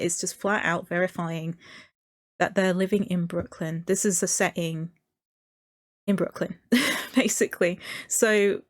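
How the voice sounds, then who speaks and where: A woman's voice: on the low side, no room sound, clean studio sound. A woman streamer chatting casually and enthusiastically about a movie trailer, with many fillers and little laughs. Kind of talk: casual commentary.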